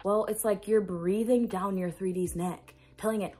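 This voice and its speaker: A woman's voice: mid-range voice, fairly even intonation, normal speed, warm tone, husky. A woman manifestation coach giving an earnest, emphatic self-help talk to camera, repeating phrases for stress and swearing now and then.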